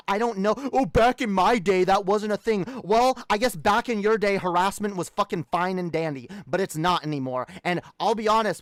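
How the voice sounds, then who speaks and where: Man, heated profane rant, high clear voice, dry sound. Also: a bit bright, no room sound. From Canada. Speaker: streamer. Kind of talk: ranting livestream talk.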